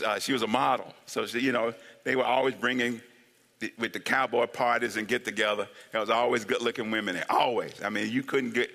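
A man's voice: medium pitch, in a large hall. A man preaching a humorous sermon, laughing often, whooping and calling for amens. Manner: animated, laughing, shouts of woo, asks for amens. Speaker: pastor.

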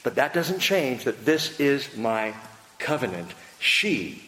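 God, firm and patient, as a preacher voices him, speaking low and measured with a reassuring weight. The words sit deep and carry through a reverberant hall with a faint hiss. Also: male voice, sing-song, bright, forceful tone, heavily acted. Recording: echoey hall with faint noise.

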